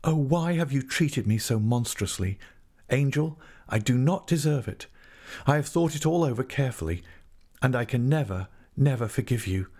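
A man's voice: medium pitch, expressive, normal speed, darkish tone, pitched above the performer's own voice. A man reading an audiobook and voicing a proud, wounded young country woman in a raised voice, pleading and defiant by turns. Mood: bitter. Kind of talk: audiobook character voice.

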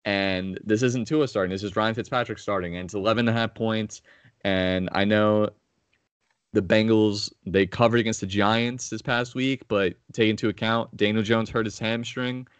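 A man with a very low voice hosts a sports betting podcast. He talks bluntly and swears freely while making his picks. The recording is dry, with no room sound. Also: steady tone, normal speed, clean tone, no room sound. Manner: blunt, profane, opinionated. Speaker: podcast host. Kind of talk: casual sports betting chat.

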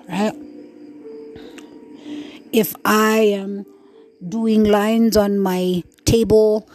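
In a warm voice of medium pitch, a middle-aged podcast host pours out her hurt and frustration. It's an emotional personal monologue, raw and profane, rambling along with many restarts.

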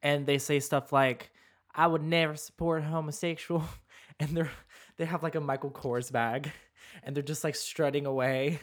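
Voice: mid-range voice, steady tone, normal speed. Laughing, playful podcast co-host. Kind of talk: casual podcast chat.

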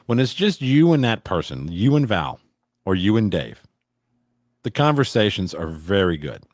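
Deep voiced guy rambling crude beer stories, dry close mic. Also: very animated, normal speed, darkish tone, no room sound. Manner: rambling, crude joking storyteller. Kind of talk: casual chat.

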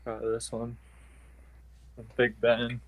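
A man's voice: medium pitch, completely flat delivery, slow pace. A man chatting over a video call on a tablet, easygoing and hesitant, with lots of ums. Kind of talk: casual video call chat.

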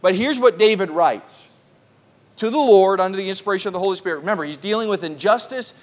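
Male pastor, high voice, earnest sermon delivery, slow scripture reading. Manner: earnest, reads scripture slowly, restarts phrases. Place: church.

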